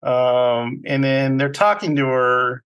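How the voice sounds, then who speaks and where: A man's voice: mid-range voice, takes it slowly, fairly bright tone, clear, resonant tone. A man co-hosting a movie review podcast, recapping the plot in a rambling, casual way with frequent fillers. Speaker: podcast co-host.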